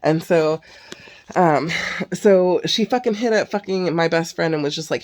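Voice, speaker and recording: A woman's voice: fairly low pitch, unhurried, darkish tone. A young woman host chatting casually and candidly, rambling and swearing freely. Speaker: podcast host. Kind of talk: casual chat.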